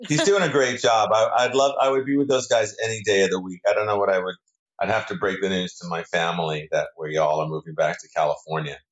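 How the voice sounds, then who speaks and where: A man's voice: low voice, fairly even intonation, fast. A male actor giving a casual interview as a guest, rambling with frequent restarts and fillers. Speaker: soap opera actor guest.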